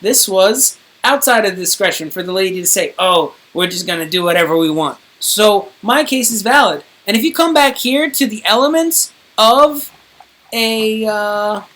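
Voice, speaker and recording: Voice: mid-range voice, a bit bright. Indignant streamer rambling about a lawsuit. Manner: indignant, wordy, swears casually. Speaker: streamer recounting own court case. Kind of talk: casual rambling monologue to viewers.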